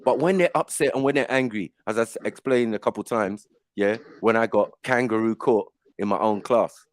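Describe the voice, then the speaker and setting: Animated middle-aged man, dry sound. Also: lowish voice, normal speed, no room sound. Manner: animated storytelling, acts out voices in quotes. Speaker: panel host. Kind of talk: casual chat.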